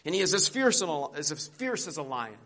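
A man's voice: a little high, big pitch swings, a little fast, a bit bright. A man voicing a proud, easily frightened male talking horse who lectures loftily in a storybook tale. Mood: lofty. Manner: lofty and lecturing, then panicked.

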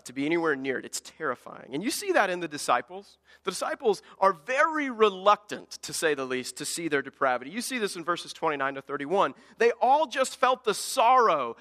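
Animated male preacher in a reverberant hall. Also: high-pitched. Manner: animated, swinging from loud emphasis to quiet asides. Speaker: pastor. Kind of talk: sermon.

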